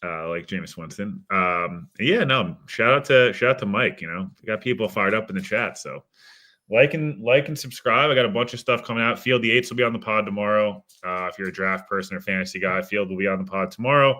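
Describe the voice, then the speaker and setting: A man guesting on a sports talk show, self-deprecating, who chuckles often and calls his own voice monotone. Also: lowish voice, quick pace, hardly any pauses. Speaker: podcast guest. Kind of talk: casual sports chat.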